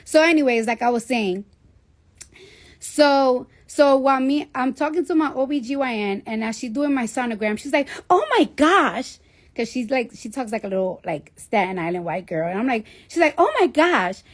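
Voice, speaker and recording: A woman in her thirties with a fairly high voice, talking straight into her phone on a live stream. She tells her story in a loose, animated way, swears often and slips into the voices of the people she quotes. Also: normal speed. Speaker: livestreamer. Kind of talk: casual storytelling livestream.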